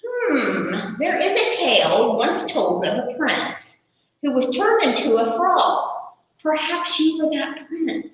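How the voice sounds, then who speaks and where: A wise old turtle who muses out loud, slow and thoughtful, as a woman puts him on. The voice drifts along at an unhurried pace. It sounds distant and muffled in a large echoing room. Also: high-pitched, sing-song, heavily acted. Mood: musing. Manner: ponderous, musing. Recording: far-off echoey hall, muffled.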